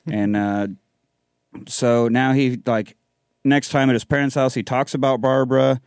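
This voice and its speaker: A man recapping a movie in casual chat, profane and animated, acting out characters' lines as he goes. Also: mid-range voice, unhurried, clear, resonant tone, no room sound, studio quality. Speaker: podcast host.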